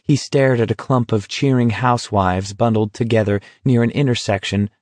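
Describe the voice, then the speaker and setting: A man narrates a novel in a steady, even storytelling voice. His pitch sits in the middle range for a man. The recording is dry and close, with no room sound. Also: moderate pace, no room sound. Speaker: audiobook narrator. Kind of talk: scripted narration.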